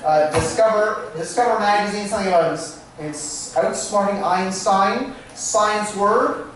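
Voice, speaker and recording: Playful stage magician in an echoey room. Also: male voice, sits high, measured pace, a bit bright, slight background noise. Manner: playful, self-mocking, chatty with asides. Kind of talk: comic stage patter with volunteers. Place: small theatre stage, live audience. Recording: echoey, distant live room recording.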